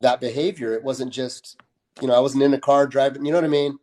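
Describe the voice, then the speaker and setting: A man's voice: mid-range voice, fairly even intonation, fast talker, dark tone. A man who is a guest on a live stream, chatting casually in a laid-back way, often saying "bro" and restarting his sentences. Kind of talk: casual chat.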